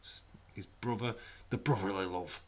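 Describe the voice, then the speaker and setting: A man giving jokey, casual commentary on a live watch-along stream from his flat. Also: lowish voice, normal speed. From United Kingdom. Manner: jokey, banters with chat. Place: home, in a flat.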